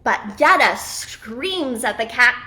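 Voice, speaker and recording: A woman telling a children's story in an expressive, animated way. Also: on the high side, takes it slowly.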